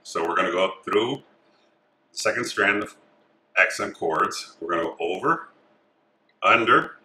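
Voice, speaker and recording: A man calmly talking through each step of a craft tutorial as he works with his hands. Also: sits low, a little slow, slight background noise. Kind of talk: step-by-step instruction. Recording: echoey room.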